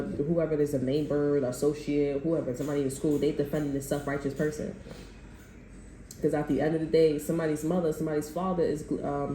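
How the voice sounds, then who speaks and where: This mid-range, mellow voice belongs to a tarot reader chatting loosely through a reading for viewers. Swearing, slang and lots of false starts give the talk a rambling feel. The recording has a faint hum of noise in an echoey room.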